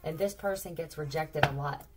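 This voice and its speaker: A woman's voice: sits low, moderate pace, recorded from a distance, heavy background noise. A woman giving a casual tarot reading, rambling and blunt, swearing freely, repeating words and firing off questions. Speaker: tarot reader.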